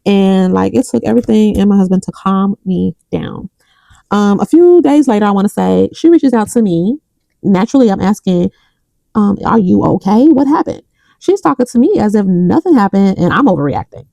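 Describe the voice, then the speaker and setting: A woman's voice: mid-range voice, animated, normal speed, vocal fry, warm tone, no echo, low-quality recording. A young adult woman vlogging about her budget, counting bills aloud and telling a story between counts. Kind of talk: casual chat while counting cash.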